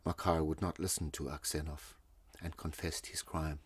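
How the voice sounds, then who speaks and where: A man narrating a classic short story in a measured, steady manner. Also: very deep voice, husky, dry recording. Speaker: audiobook narrator. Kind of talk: scripted narration.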